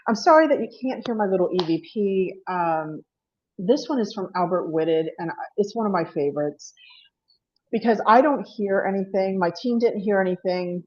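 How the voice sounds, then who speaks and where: A woman's voice: fairly low pitch, dull audio. A woman presenting her paranormal investigations at an online panel, chatty and apologetic, laughing often. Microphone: video call.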